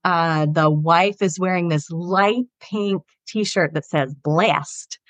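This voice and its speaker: A woman from the Southern US, a guest author on a podcast, telling lively anecdotes in casual conversation. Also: on the low side, takes it slowly, dry recording. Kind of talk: casual interview storytelling.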